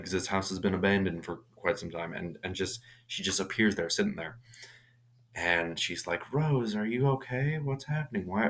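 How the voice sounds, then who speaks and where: رجل بصوت عميق جدًا يسرد فيلم رعب. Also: male voice, sits low, fairly bright tone. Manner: rambling with many restarts and casual swearing. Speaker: movie reviewer. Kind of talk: casual movie recap.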